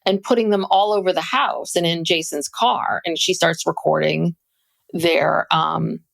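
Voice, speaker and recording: Gravelly-voiced woman podcast co-host. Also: on the low side, steady tone, a little slow. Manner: thoughtful, agreeing, with hesitant fillers. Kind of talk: casual chat about a documentary.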